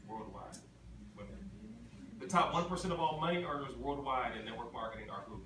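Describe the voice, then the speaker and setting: Heard from far off in an echoey convention hall full of ambient noise, this man delivers a motivational talk in a brisk, medium-pitched voice. He repeats himself for emphasis and keeps throwing questions at the audience.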